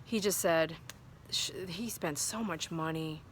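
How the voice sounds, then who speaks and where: A woman's voice: sits low, unhurried, a little hiss or hum. A woman dog groomer talking casually and earnestly to her viewers, rambling from thought to thought, recorded outdoors at sundown. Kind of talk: casual vlog talk to viewers.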